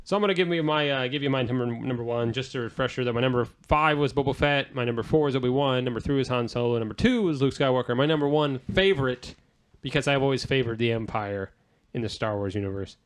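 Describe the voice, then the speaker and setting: Fast-talking joking man, podcast host. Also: mid-range voice, clear, resonant tone. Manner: joking, runs through lists. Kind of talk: casual podcast chat.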